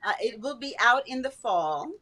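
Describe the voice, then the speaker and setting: Bright-voiced woman in her seventies. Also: on the high side, expressive, moderate pace. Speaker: guest actress. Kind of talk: interview chat.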